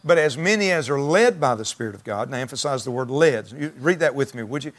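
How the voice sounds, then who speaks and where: A man's voice: medium pitch, lively intonation, fast, a bit bright. A man preaching a sermon to his church, talking in a conversational, folksy way with frequent restarts. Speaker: pastor.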